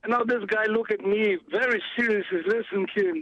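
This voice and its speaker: A man with a foreign accent telling a lively story as a radio guest, laughing often and acting out the voices of others. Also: high-pitched, brisk, lo-fi sound. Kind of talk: storytelling on a talk radio show.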